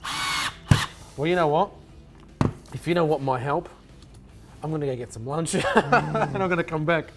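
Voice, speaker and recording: A man's voice: on the high side, moderate pace, long pauses, noisy background. A man who teases a friend, laughs often and talks with his mouth full. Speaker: friend timing the build. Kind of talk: casual chat.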